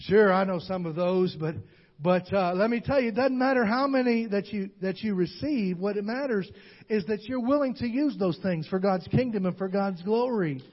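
An older male pastor delivers a sermon with a notably high-pitched voice. He preaches in a call-and-response style and climbs to shouted lines. The recording sounds dull and lo-fi. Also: normal speed, big-room sound.

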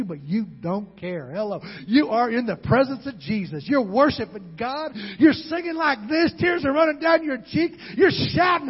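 A husky, high-pitched man preaches as a pastor in a church hall, crying out to his congregation and repeating words when he grows emotional. The hall's reverb comes through on a dull recording.

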